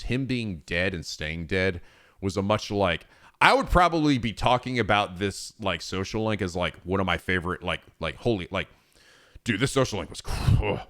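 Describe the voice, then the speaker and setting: Male streamer, low voice, loose and profane, keeps restarting sentences. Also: a bit bright. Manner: rambling, profane, many fillers and restarts. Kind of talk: casual chat on stream.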